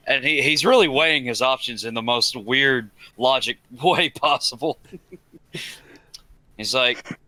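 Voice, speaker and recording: Male player, bright tone, dry close sound. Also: mid-range voice, slow, long pauses, dry recording, low-quality recording. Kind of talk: tabletop role-play over a call.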